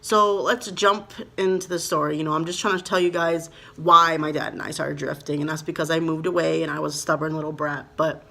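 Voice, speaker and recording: A young woman from Minnesota tells a personal story straight to her viewers in a casual vlog. Her voice sits a little low. She rambles, leans on "like" and "you know," and speaks with open, heartfelt emotion. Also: steady tone, brisk, vocal fry, few pauses, bright, forceful tone. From Minnesota, USA. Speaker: vlogger.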